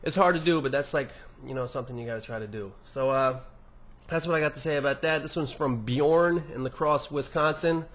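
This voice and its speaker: A man's voice: mid-range voice, fairly quick, fairly bright tone. A young man hosting a podcast, reading listener emails aloud and answering them in a rambling, profane, casual monologue with many restarts.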